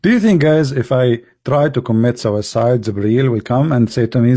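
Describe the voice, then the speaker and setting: A man's voice: medium pitch, moderate pace, dark tone, no room sound. A male livestream host talking casually in a mocking, sarcastic and rambling way. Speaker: online debate host.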